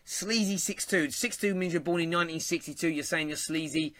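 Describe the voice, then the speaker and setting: A man's voice: fairly high pitch, brisk, a bit bright, no room sound. A man with a London accent hosting a football show, chatting casually, reading viewer comments and laughing often. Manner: laughs often, banters with chat. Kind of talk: casual live-stream chat.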